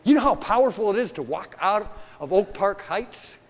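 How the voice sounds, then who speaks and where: A man's voice: sits high, expressive, normal speed. A male pastor preaching a sermon with passionate, conversational delivery, often restarting his sentences. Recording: long hall reverb.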